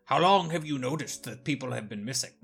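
A man's voice: medium pitch, expressive, a little fast, creaky, fairly bright tone, slightly rough, faint music behind, full character voice. A man voicing a curious, nervous male creature adventurer in a tabletop game who asks hesitant, stammering questions. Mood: uneasy.

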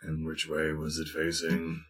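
A man playing in a tabletop game who asks questions in a dry, deliberate way. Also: very deep voice, completely flat delivery, faint music behind. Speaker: player. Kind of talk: casual tabletop game play.

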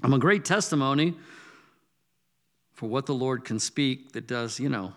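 A man's voice: mid-range voice, normal speed. Conversational Midwestern preacher man. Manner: conversational, animated storytelling with quoted asides. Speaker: pastor. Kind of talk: sermon.

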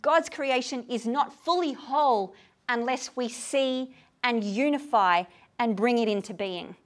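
Woman, slightly high voice, tired, animated, lecturing a group, checks if listeners follow. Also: a little slow. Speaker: lecturer on poetry. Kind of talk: talk to a group. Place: room with a gathered group.

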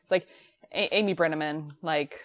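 A woman's voice: sits low, fairly even intonation, normal speed. Chatty woman podcast co-host. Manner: chatty, laughs often, trails off. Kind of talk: casual chat reviewing a sitcom episode.

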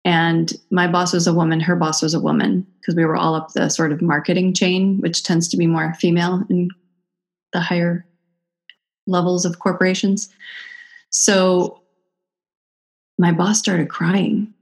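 Middle-aged woman guest, low voice, chatty animated storyteller. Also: measured pace, pauses often. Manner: animated, acts out quoted voices. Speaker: guest, Ayurvedic practitioner. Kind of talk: casual conversational storytelling.

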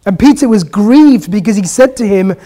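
A preacher delivering an earnest, gentle sermon and asking the listeners rhetorical questions. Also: mid-range voice, expressive, moderate pace.

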